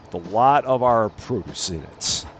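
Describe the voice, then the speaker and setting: A man's voice: lowish voice, lively intonation, unhurried, a little hiss or hum. A man hosting a let's-play, chatting casually and narrating each task aloud, often correcting himself. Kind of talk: casual gameplay commentary.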